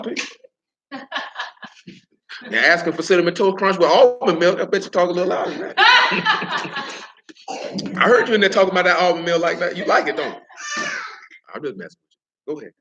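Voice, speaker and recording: A man's voice: high-pitched, sing-song, a little fast, long pauses, highs cut off, over a noisy crowd. A man leading an interactive Bible study, talking casually, teasing and quizzing his listeners by name. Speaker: Bible teacher.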